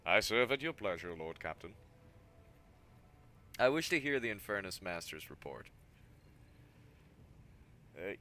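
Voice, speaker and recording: A man's voice: deep voice, unhurried, pauses often, sharp tone. A man streaming a game, reading its dialogue and narration aloud and tripping over some words. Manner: stumbles over words, adds asides. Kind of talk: reading game text aloud with character voices.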